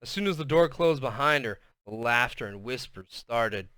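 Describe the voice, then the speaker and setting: A man's voice: medium pitch, lively intonation, normal speed, fairly bright tone, clean tone, no room sound. Man reading a novel aloud. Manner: plain reading with casual asides. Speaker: reader.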